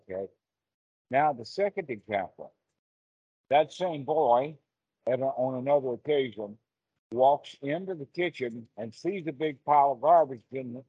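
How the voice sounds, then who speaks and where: Husky-voiced man teaching slowly on a call. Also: medium pitch, no room sound. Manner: slow, deliberate teaching with everyday examples. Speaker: meditation teacher. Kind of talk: casual dharma talk on a video call. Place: seated on the floor indoors, with rain outside. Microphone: video call mic. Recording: dull, lo-fi video call audio. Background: heavy rain.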